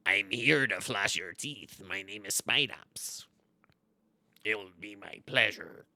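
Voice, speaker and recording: A man voicing a polite, creepy male spider creature in a slow, low, menacing tone. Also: sharp tone, no echo, exaggerated voice.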